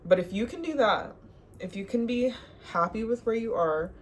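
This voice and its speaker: A young woman giving relationship advice in a sassy, animated, casual monologue to the viewer, often laughing. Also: on the high side, normal speed, a little hiss or hum. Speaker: advice vlogger.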